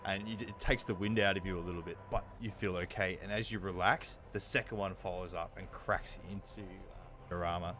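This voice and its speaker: A man narrating as dungeon master of a tabletop game, talking loosely with many fillers and pauses. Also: deep voice, steady tone, background noise.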